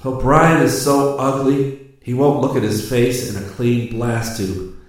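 A man's voice: fairly low pitch, fairly even intonation, normal speed, no room sound, studio quality, close to an everyday voice. A man voicing a wounded young space officer who speaks in tired, clipped commands. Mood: shouting.

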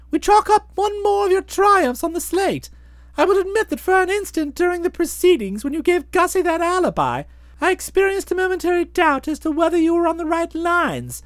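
A woman voicing a chatty, self-satisfied young gentleman in a bouncy, wordy way. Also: very high voice, no echo, studio quality. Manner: bouncy, wordy, fond of flowery phrases. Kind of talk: audiobook drama, narrating and voicing the hero.

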